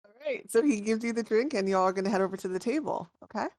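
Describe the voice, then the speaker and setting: A woman's voice: mid-range voice, fast talker, no echo, studio quality. A woman narrating as game master in a casual tabletop session, talking loosely with frequent filler words. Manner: casual, relaxed, many fillers.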